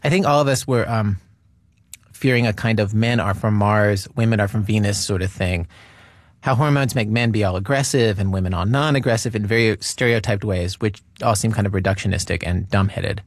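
A man hosting a radio show, narrating a scripted introduction in a wry, measured way. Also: fairly low pitch, no echo, studio quality. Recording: music bed underneath.

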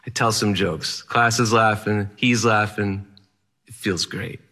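A man's voice: on the low side, steady tone, unhurried, bright, forceful tone. A man telling a personal story on stage in vivid present tense, with a wry touch.

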